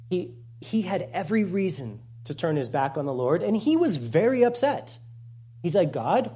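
A man, a pastor, giving a conversational, animated sermon with asides to the congregation. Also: high voice, husky.

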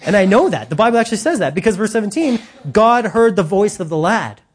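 Husky-voiced animated preacher man. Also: sits high, quick pace. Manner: animated, casual slang, acts out voices. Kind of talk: sermon.

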